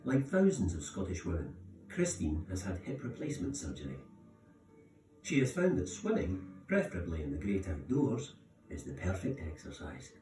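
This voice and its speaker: A man narrating a documentary in a measured, scripted way. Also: deep voice, wildly swooping pitch. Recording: roomy sound, distant from mic, music bed.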